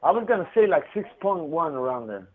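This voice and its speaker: A man's voice: a little high, big pitch swings, brisk. A man telling profane, laughing stories over a prison phone call. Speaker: incarcerated caller. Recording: tinny prison phone line.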